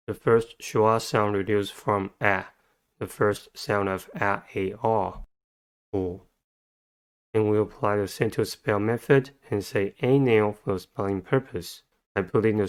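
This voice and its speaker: A man's voice: on the low side, clean tone. A man hosting a vocabulary lesson, methodically spelling out words sound by sound in a scripted, careful delivery. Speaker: vocabulary teacher, channel host.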